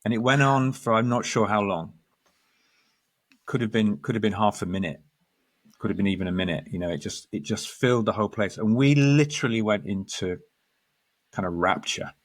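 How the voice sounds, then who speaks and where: A man, a guest astrologer, telling a story in lively conversation, acting out quoted lines and restarting his sentences. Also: fairly low pitch, brisk. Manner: animated storyteller, quotes others, restarts often.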